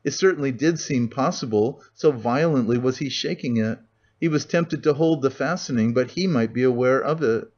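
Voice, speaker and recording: A man narrating an audiobook in a steady, measured reading on a dull lo-fi recording. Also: mid-range voice. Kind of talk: scripted narration of a classic novel.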